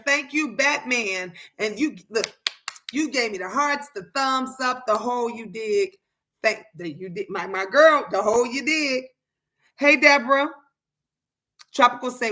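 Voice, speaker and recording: A middle-aged woman hosting a tarot live stream, chatting casually and answering viewers' comments in a lively way. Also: fairly high pitch, a little slow.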